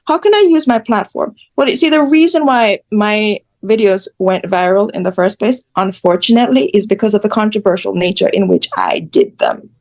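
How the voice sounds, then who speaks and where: A woman's voice: medium pitch, brisk, hardly any pauses, a little mellow. A woman from Jamaica, a guest telling her story in a blunt, candid way. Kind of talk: casual interview chat.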